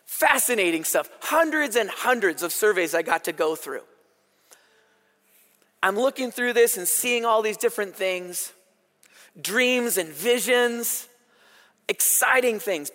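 A man preaches to a congregation, his voice sitting high for a man. He tells stories in an animated, chatty way. The sound carries a long reverb. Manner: storytelling, animated and conversational. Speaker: pastor. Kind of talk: sermon.

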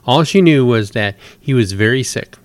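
A man's voice: mid-range voice, expressive, normal speed, dry recording. Man reading a story aloud. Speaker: host.

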